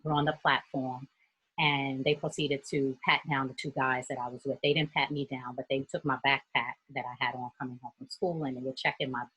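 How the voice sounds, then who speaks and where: A woman from New York with a deep, heavily husky voice tells a personal story to a group. She speaks in an earnest, steady way over a video call. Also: fairly quick, poor audio. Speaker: youth mentor.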